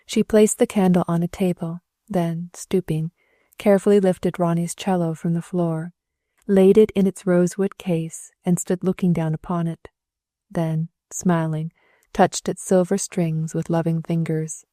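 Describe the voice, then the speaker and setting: Woman audiobook narrator, low pitch, mellow tone, gentle measured reading, dry close mic. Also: level tone, no echo. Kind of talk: scripted narration.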